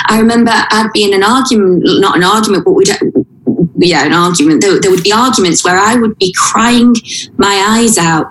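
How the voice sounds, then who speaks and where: A woman sits in a room with a noticeable echo, recounting something painful from her own life. She speaks haltingly and with feeling, often restarting her sentences. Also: medium pitch. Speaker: interview guest. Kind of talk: personal account in conversation. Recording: roomy echo.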